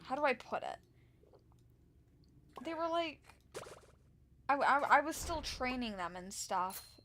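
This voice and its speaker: A woman's voice: high-pitched, animated, takes it slowly, a bit bright, slight background noise. A young woman streaming a game and telling a rambling, exasperated story about work, full of restarts and fillers. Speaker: live streamer. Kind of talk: casual storytelling while gaming.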